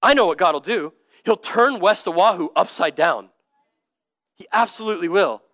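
A man with a high, bright voice preaches a sermon in church. He speaks earnestly and emphatically, drops casual slang and often repeats words as he builds a point. The sound is dry and close. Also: expressive, moderate pace, no room sound. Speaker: pastor. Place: church service.

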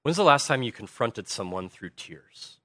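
A man preaching a sermon as a pastor, swinging from hushed earnest lines to loud animated bursts. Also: mid-range voice, normal speed, dry recording.

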